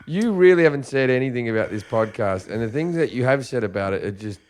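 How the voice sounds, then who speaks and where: A man's voice: mid-range voice, animated, fast. Stammering, teasing podcast man. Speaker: podcast co-host. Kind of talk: casual banter.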